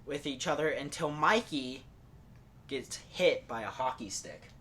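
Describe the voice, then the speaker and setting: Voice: medium pitch, expressive, measured pace, bright, forceful tone, slight background noise. Rambling podcaster retelling a plot. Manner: rambling, loose with fillers like "like" and "and stuff". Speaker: podcast host.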